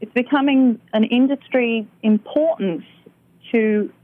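A woman's voice: a little high, unhurried, no room sound. A woman who works as a magazine and business producer, speaking in a businesslike, promotional way as a guest in a casual interview. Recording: tinny phone line.

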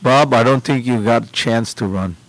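A man hosting a radio show and explaining things to listeners in a deliberate way. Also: medium pitch, no room sound, low-quality recording. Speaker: radio host. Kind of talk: radio advice talk.

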